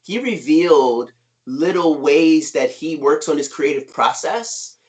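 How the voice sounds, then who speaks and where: Fairly high-voiced, emphatic middle-aged man. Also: measured pace. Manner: energetic, emphatic, keeps asking "right?". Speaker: author and guest speaker. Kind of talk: conversational interview.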